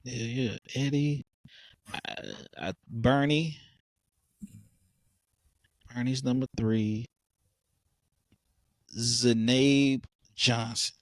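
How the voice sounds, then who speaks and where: Excitable storytelling host, dry close mic. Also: male voice, mid-range voice, drawn-out words, pauses often, no room sound. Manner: animated storyteller, excitable, stumbles over words. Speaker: podcast host. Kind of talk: casual interview chat.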